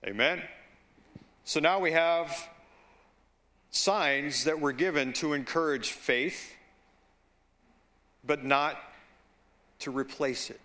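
Bright-voiced slow-preaching man. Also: a little high. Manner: slow, deliberate preaching with asides and call-outs to the congregation. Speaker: pastor. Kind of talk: sermon.

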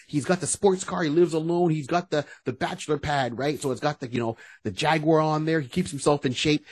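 A man co-hosting a casual podcast, animated and breaking into quoted voices as he talks. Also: a little high, a little fast, slightly rough. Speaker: podcast co-host. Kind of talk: casual chat.

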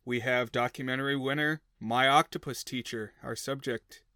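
A man co-hosting a casual film podcast, chatty and joking, with quick asides. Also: medium pitch, fairly even intonation, sharp tone, no echo, studio quality. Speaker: podcast co-host.

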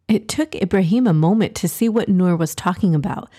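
A woman narrating a children's storybook in a gentle, expressive reading manner. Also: medium pitch, normal speed, hardly any pauses.

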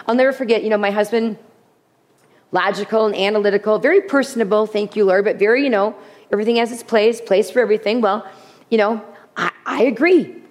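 A woman preaching a sermon with humor, animated, often repeating her key phrases. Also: medium pitch, fairly quick. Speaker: women's speaker. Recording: long hall reverb.

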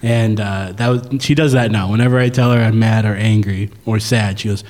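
A man co-hosting a casual podcast chat, talking in a relaxed way with many pauses and fillers. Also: on the low side, in a large hall. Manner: relaxed, hesitant with frequent fillers. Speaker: podcast co-host.

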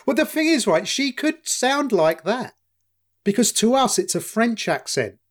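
A man with an East London accent, co-hosting a podcast in casual chat, telling stories in an animated, jokey way with some swearing. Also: very high voice, unhurried. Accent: London English. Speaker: podcast co-host.

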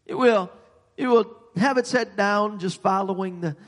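A man preaching a sermon, halting and repeating words, growing emphatic as he goes. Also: high-pitched, in a large hall.

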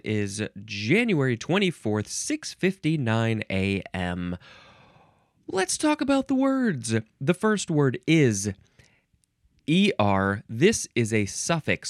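A man's voice: medium pitch, dry recording, clean studio sound. A man hosting a casual solo podcast, reading dictionary entries with wry, musing, goofy asides.

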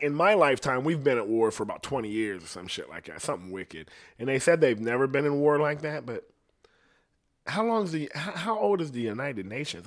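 A man hosting his own podcast, talking casually in a rambling, profane way and laughing at his own jokes. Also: medium pitch. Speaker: podcast host. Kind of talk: casual solo podcast rant.

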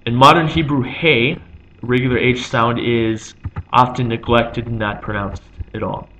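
A man's voice: mid-range voice, fairly even intonation, a little slow, pushed and bright, dull audio. A man giving an unscripted explanation like a teacher. He thinks aloud, with frequent ums and restarts.

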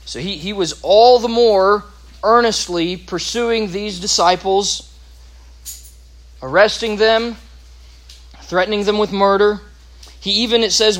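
A man's voice: sits high, a bit bright. A man teaching a Bible lesson, explaining scripture with asides and restarts.

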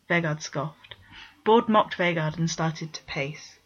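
A woman reading fan fiction aloud with plain, steady narration. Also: deep voice, slow pace, lo-fi sound. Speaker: story reader.

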